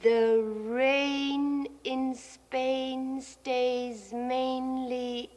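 An actress playing a young woman practicing elocution drills with careful, drawn-out diction, from an old film soundtrack. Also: high-pitched, little pitch movement. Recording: old film soundtrack with hall reverb and soft music.

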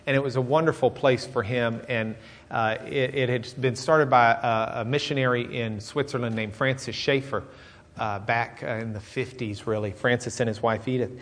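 A middle-aged man preaching a sermon with animated, dramatic storytelling. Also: medium pitch, moderate pace. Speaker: pastor.

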